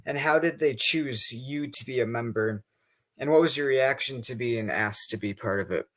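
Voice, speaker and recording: A man's voice: medium pitch, moderate pace, fairly bright tone. A man hosting an interview, giving brief agreeing replies and asking long questions. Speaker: interview host.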